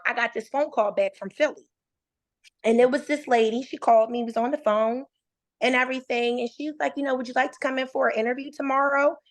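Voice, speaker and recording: A podcast guest in her thirties, with a slightly high voice, tells a personal story in easygoing conversation. Animated throughout, she acts out the voices of the people in her tale.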